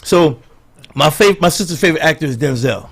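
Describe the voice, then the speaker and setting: A middle-aged man and comedian guest, telling animated stories and acting out the quotes in casual podcast banter. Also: a little high, a little fast. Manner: animated storyteller, acts out quotes. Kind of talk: storytelling banter.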